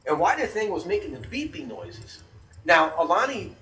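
A man co-hosting a casual chat, telling a story full of swearing and shouted outbursts. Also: high-pitched, normal speed, creaky, distant mic. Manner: profane, animated storyteller, shouts quoted outbursts. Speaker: podcast co-host.

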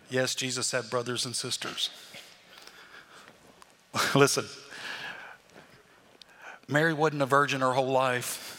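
Bright-voiced man preaching in a big hall. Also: medium pitch, a little hiss or hum. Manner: animated, acts out the crowd's voices. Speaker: pastor. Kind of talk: sermon.

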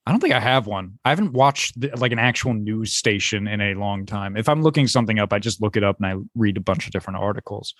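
A man's voice: lowish voice, animated, fast talker, few pauses, a bit bright, no echo. Chatty, skeptical man. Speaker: podcast co-host. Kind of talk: casual chat.

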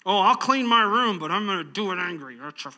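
A man's voice: sits high, lively intonation, brisk, sharp tone, long reverb tail, exaggerated voice. A man putting on the voice of a grumbling child doing chores, whiny and muttering. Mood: sulky. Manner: whiny, muttering under breath.

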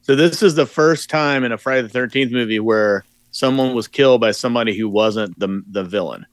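A man's voice: mid-range voice, brisk, no room sound. A man co-hosting a podcast, giving blunt, opinionated takes in casual chat with swearing. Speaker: podcast co-host. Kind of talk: casual movie review chat.

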